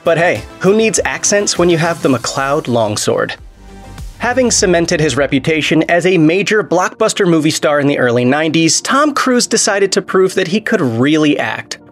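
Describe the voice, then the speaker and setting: A man's voice: on the high side, expressive, normal speed, faint music behind. A man narrating a scripted video in a wry, sardonic tone.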